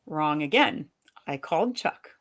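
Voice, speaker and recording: A woman reading the part of a fed-up young wife and mother, sharp and sarcastic with her husband. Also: low voice, lively intonation, a little slow. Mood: accusing. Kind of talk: live fiction reading.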